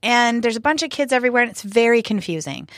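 A woman's voice: on the high side, fast, no room sound, studio quality. A woman in casual conversation, telling a story with lots of fillers and acting out what others said. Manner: animated retelling, acts out quoted voices, many fillers. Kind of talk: casual chat.

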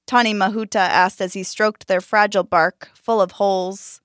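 Calm woman reading a story. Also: medium pitch, no echo, studio quality. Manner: calm, measured, expressive read. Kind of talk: scripted storybook narration.

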